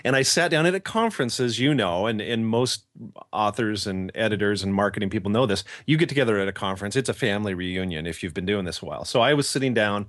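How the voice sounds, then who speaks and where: A man co-hosting a podcast in casual chat, an animated storyteller who acts out the people he quotes. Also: on the low side, quick pace, no echo. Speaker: podcast co-host.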